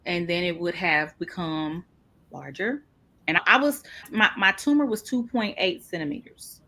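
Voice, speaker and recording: A woman telling a personal story in an interview, lively and expressive, acting out the people she quotes. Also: measured pace. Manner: animated, acts out quoted people with big pitch jumps. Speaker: podcast guest.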